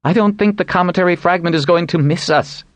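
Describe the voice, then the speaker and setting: A man voicing an excitable male astronomer with a light voice in an audiobook. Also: sits high, fairly quick, no echo, voice pushed up, natural voice. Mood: excited. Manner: excited, eager.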